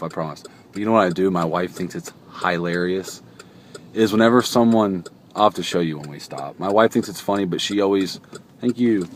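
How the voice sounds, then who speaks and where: A young man vlogging from behind the wheel, chatting casually and joking, into a phone stuck to the car window. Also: lowish voice. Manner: rambling, joking, self-interrupting. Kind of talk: casual chat to camera. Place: inside a car, driving. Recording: road noise inside a car.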